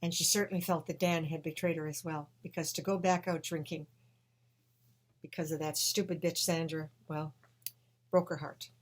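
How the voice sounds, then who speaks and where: Woman telling a dramatic story, gets loud then quiet, kinda lowish voice, swears a bit. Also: little pitch movement, normal speed. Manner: emphatic, swings between hushed and loud, swears. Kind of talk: emotional personal storytelling.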